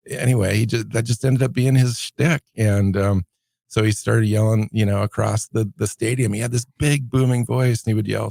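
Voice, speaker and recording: A man's voice: on the low side, flat delivery, normal speed, creaky, mellow, no echo, clean studio sound. A man in his fifties from the Seattle area, co-hosting a podcast and unhurriedly reminiscing in casual chat. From Seattle area, USA. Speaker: podcast co-host.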